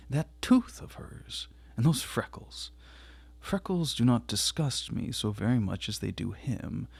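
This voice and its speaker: A man reading aloud voices a proud, dismissive young woman who answers with indignant emphasis, in a gravelly, husky voice. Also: on the low side, a little mellow, dry recording, heavily acted.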